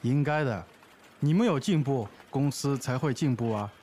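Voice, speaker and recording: A man playing a flattered office boss in a recorded language-lesson dialogue, answering praise with modest, good-humored replies. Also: medium pitch, normal speed, slight background noise, natural voice. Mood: pleased.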